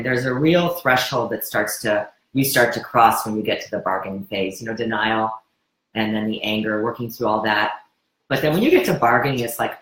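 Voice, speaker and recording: A woman hosting a live wellness course Q&A, talking in an earnest, encouraging way with frequent restarts. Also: a bass voice. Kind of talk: live webinar Q&A. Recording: roomy echo.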